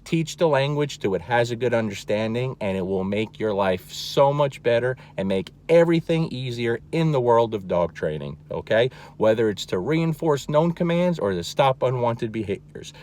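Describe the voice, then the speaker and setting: A man's voice: mid-range voice, animated, moderate pace, hardly any pauses, darkish tone. A man teaching as a dog trainer, talking plainly and emphatically, often checking in with "okay?" and repeating key words. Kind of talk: instructional talk to camera.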